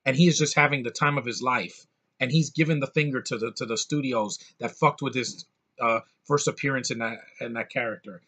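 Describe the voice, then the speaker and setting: A man's voice: mid-range voice, a little fast, bright, forceful tone. A man giving a blunt, sarcastic, profane rant as a movie reviewer. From United States.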